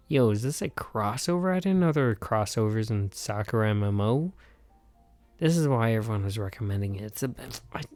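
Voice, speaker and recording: A young man hosting a comedic game playthrough, goofy and excitable in his reactions. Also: mid-range voice. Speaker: gaming video host.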